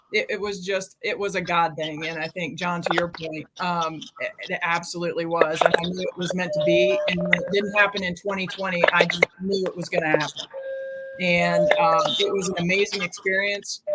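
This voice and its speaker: A woman's voice: on the low side, very noisy. A woman in her fifties telling a personal story in a casual, chatty way with many fillers. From United States. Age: 50s. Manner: chatty, many ums, quotes herself. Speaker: charity marathon runner guest. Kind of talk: casual storytelling on a live video chat.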